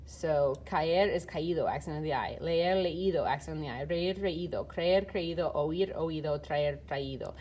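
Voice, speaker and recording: A woman's voice: sits low, moderate pace, hardly any pauses, a little mellow. A woman teaching Spanish grammar, explaining step by step in a casual way with fillers, while filming and typing. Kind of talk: recorded lesson walkthrough.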